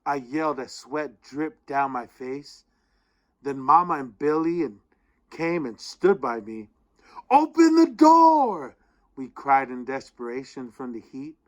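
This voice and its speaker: A man's voice: medium pitch, muffled recording. A man reads a student's essay aloud in an ordinary mid-range voice. He tells it like a story and lingers on the tense parts. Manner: expressive storytelling, slowing down at tense moments.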